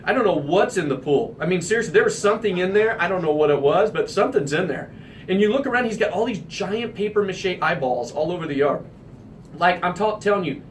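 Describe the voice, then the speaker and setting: A man from the American Midwest hosting a radio talk show, telling an anecdote in an animated, emphatic way. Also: high voice, far from the mic, a little hiss or hum. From Midwestern United States.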